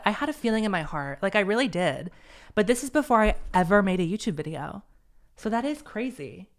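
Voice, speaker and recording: Young male podcast host, smooth clear voice, rambling and self-deprecating. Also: sits high, very animated, fairly quick, fairly bright tone. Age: young adult. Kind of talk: casual solo podcast chat.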